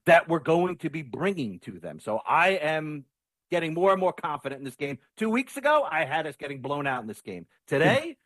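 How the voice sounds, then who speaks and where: A man talking sports casually and excitedly, often repeating words as he starts a thought. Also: on the high side, brisk, no room sound. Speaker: sports radio guest.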